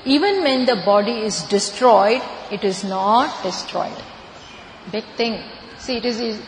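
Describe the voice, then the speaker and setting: A woman's voice: medium pitch, a little hiss or hum. A woman with an Indian accent giving a scripture lecture as a spiritual teacher, explaining patiently and repeating key words for emphasis. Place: lecture hall. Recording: echoey hall, faint ambience.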